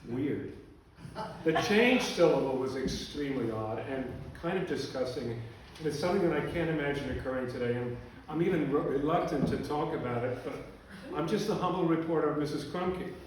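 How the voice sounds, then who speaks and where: A man with a slightly high voice tells a humorous story to a live audience, dry and deadpan. He sounds far from the mic in a very echoey hall. A faint hiss sits under his voice. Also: fairly quick. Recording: echoey room from a distance.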